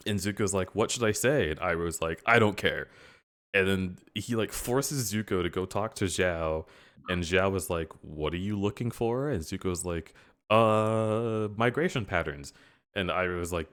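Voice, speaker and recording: A man's voice: low-pitched, moderate pace, a bit bright. A man hosting a livestream, casually retelling scenes and acting out the characters he quotes. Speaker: livestream host. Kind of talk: casual chat.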